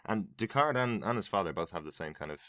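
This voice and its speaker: A man's voice: lowish voice, animated, quick pace, sharp tone, no room sound, studio quality. A man co-hosting a film review podcast, explaining scenes in an earnest, agreeable way. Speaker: podcast co-host. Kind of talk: casual film review chat.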